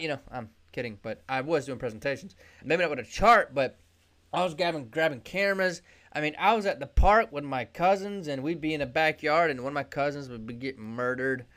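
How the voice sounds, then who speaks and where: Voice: medium pitch, fairly bright tone. A podcast host giving a solo business monologue. The host jokes, rambles, and breaks into sudden whoops while talking straight to the listener in a salesy way.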